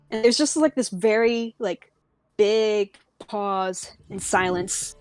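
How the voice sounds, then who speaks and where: A woman's voice: medium pitch, takes it slowly, darkish tone, smooth, faint music behind. A young adult woman narrating a tabletop game as game master, casual and full of fillers.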